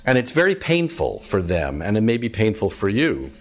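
A man's voice: fairly low pitch, huge pitch swings, normal speed. A man teaching a live group about evangelism as a campus minister, chatty, asking the audience questions, with frequent ums.

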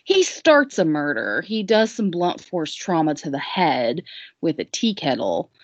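A woman with a fairly low voice recaps a story in a relaxed podcast chat. She rambles, jokes and fills pauses with "um." The sound is dull and lo-fi, very dry and close to the mic. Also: dry recording. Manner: rambling, jokey, with lots of fillers. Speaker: guest recapping a musical. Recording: dull lo-fi recording.

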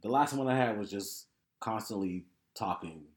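A man co-hosting a podcast in casual chat, relaxed as he reads items off his list. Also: fairly low pitch, moderate pace. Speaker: podcast co-host. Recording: echoey room.

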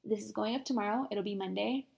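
Chatty young woman with gravelly fry. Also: medium pitch, fast, a little mellow. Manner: upbeat and chatty, uses "like" a lot. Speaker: podcast host. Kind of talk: casual podcast sign-off.

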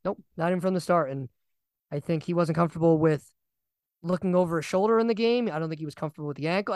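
Ranting young man, slightly high, dry sound. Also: fast, no echo. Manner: animated, ranting, repeats himself. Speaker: podcast co-host. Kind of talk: casual sports chat.

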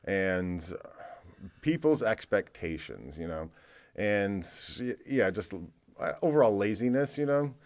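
A man's voice: on the low side, expressive, takes it slowly, darkish tone. A man co-hosting a casual podcast chat, talking loosely and with profanity. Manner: loose and profane, mimics accents for laughs. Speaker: podcast co-host.

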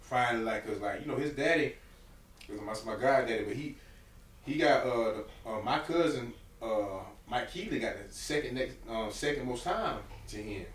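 A young man in a casual podcast chat, telling a long story. His voice sits mid-pitch and leaps up when he acts out other people. The sound is roomy and a bit distant from the mic. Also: moderate pace. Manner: animated storyteller, swings loud and high when reenacting, drops low when calm. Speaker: podcast guest.

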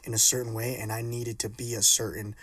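A man's voice: lowish voice, level tone, a little fast, a bit bright, breathy edge, dry recording. A young man co-hosting a casual podcast, laid-back and laughing often, with many fillers. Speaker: podcast co-host. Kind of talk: casual chat.

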